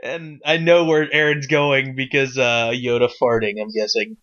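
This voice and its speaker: A man's voice: mid-range voice, fairly even intonation, moderate pace, a bit bright. A man co-hosting a podcast, chatting casually and eagerly agreeing. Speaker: podcast co-host. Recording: dull lo-fi podcast sound.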